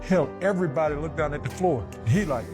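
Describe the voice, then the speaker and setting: A man's voice: a little high, quick pace. A former basketball player marveling as he recalls a moment from the bench, chuckling through it. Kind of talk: storytelling interview. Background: music.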